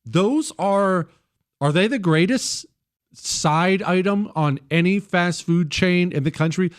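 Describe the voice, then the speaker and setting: A man's voice: high voice, slow pace, smooth. A man hosting a talk radio show, teasing his producer and riffing on news headlines in a joking, casual way.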